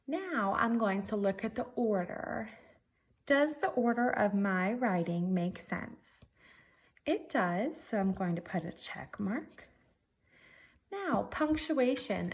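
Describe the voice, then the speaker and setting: A woman's voice: mid-range voice, vocal fry, breathy edge. A woman teacher giving a virtual writing lesson, working through her draft methodically and thinking aloud step by step.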